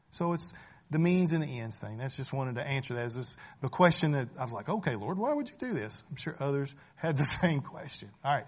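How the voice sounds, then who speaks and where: Man, preacher, sermon, higher-pitched voice, rhetorical questions, repeats phrases. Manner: rhetorical questions, often checking in with "right?"; repeats phrases for emphasis, conversational.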